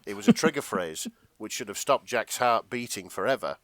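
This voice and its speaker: A man's voice: lowish voice, normal speed, no echo. A man co-hosting a comedy podcast, retelling a fanfic with a lot of laughter. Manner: animated, laughing often. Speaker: podcast co-host.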